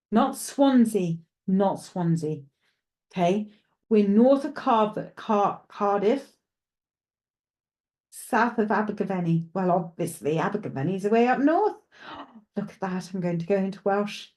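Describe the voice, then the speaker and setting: A woman working as a psychic medium leads a live-streamed reading, chatty and speaking right to her unseen viewers. She is hesitant, pausing and restarting as she thinks things through aloud. Her mid-range voice is mellow and unhurried at heart, yet animated.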